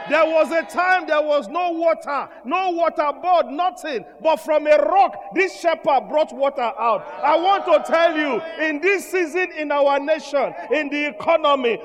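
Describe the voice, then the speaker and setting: High-pitched preacher man shouting declarations. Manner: shouted declarations with call-and-response repetition. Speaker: pastor. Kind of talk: sermon. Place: church. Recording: echoey church hall with congregation. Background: congregation responding.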